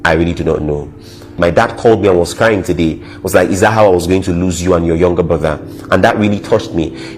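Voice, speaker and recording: A man's voice: deep voice, low-quality recording. A man giving a personal account in a media interview, hesitant and searching for words. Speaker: interviewee telling his story. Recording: faint background noise.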